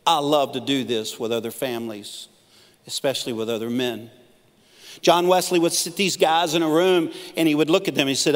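A man's voice: medium pitch, fairly quick. A middle-aged man preaching a sermon as pastor, telling stories with humor and acting out quoted lines. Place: church auditorium. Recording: long reverb of a church hall.

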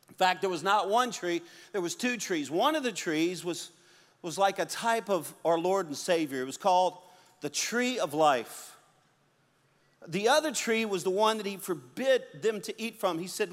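Animated preacher man in a reverberant hall. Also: high-pitched, moderate pace. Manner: animated, acts out quotes and stories. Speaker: pastor. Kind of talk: sermon. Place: church sanctuary.

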